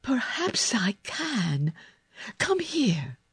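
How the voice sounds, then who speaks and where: Woman playing a frail young boy, high voice, wondering cries, storybook, dry recording. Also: lively intonation, slow, slightly rough, dry recording, heavily acted. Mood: nervous wondering.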